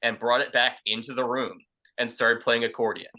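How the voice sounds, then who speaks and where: With a medium pitch, level tone, and moderate pace, a young podcast storyteller casually tells a crude story. He rambles, swears, uses many fillers, and acts out quotes loudly. The audio is poor.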